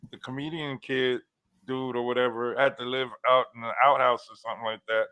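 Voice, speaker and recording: Bright-voiced man in his forties, teasing. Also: medium pitch, little pitch movement, brisk, clear, resonant tone. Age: 40s. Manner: easygoing, teasing, rambling with restarts. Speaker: livestream co-host. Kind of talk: casual chat on a trivia livestream.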